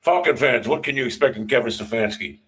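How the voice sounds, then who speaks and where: A man's voice: medium pitch, fast, fairly bright tone, rough recording. A man ranting about football in a blunt, profane way, speaking straight to the fans and repeating his warnings. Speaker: football commentator. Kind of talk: casual sports rant.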